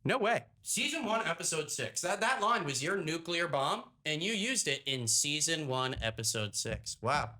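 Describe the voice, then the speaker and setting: A man's voice: a little high, very animated, moderate pace, few pauses, bright, forceful tone. A male host giving comedic commentary with sarcastic, joking asides.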